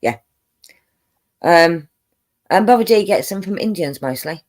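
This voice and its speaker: A woman's voice: lowish voice, lively intonation, unhurried, a little mellow. A woman, co-hosting a casual live stream and chatting while reading out viewer comments.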